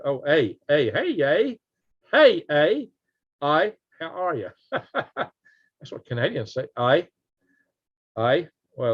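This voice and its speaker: A man hosting a casual news commentary livestream, reading and answering chat, animated and repeating himself. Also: medium pitch. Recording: slightly dull lo-fi audio.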